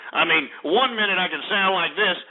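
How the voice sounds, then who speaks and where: A man's voice: sits high, a little fast. Brash, insulting radio host man. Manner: brash, insulting, profane, rambling. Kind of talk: call-in radio talk. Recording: tinny phone-like radio audio.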